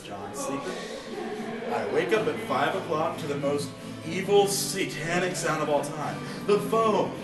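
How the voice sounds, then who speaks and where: A man's voice: a little high, animated, unhurried. A young man telling a long stand-up story at an open mic, rambling with many fillers and laughing at his own jokes. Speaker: stand-up comic. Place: coffee shop open mic. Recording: roomy, from far off, music behind.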